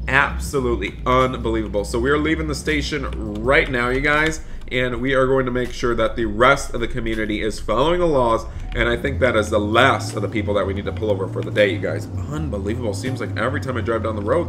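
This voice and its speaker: A man's voice: medium pitch, fast, few pauses, a bit bright, faint music behind. A man playing a police deputy in a game role-play, barking commands and repeating his disbelief in an exasperated way. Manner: repeats stock phrases in disbelief.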